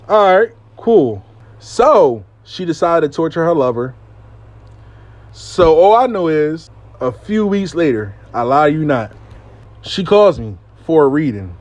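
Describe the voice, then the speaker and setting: A man's voice: a little high, unhurried, no room sound. A man hosting a casual storytime, telling it animatedly with frequent swearing and catchphrases. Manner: animated, profane, repeats "I lie to you not". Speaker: host and storyteller.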